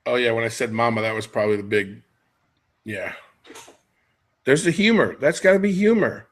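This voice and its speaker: A man's voice: medium pitch, expressive, normal speed. A middle-aged man hosting a podcast, chatting casually and jokily as he wanders off on tangents. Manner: rambling, jokey, jumps between tangents. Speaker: podcast host.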